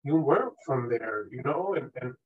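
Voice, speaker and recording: A man with an animated, slightly rough mid-range voice speaks at normal speed as a podcast guest, telling candid stories. He's emphatic, swears often, and keeps tagging lines with "right?" The audio is narrow and tinny.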